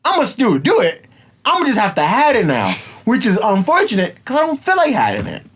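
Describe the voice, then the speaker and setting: A man co-hosting a podcast in casual chat, arguing his point with animated swings in his voice. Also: fairly quick, husky. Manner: animated, wide swings in pitch, argues a point. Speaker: podcast co-host.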